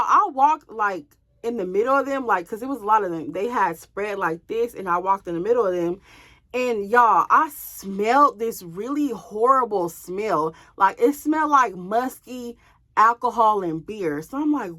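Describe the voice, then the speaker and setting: A woman vlogger telling a personal story to her viewers in an animated, casual way, swearing freely. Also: a little high.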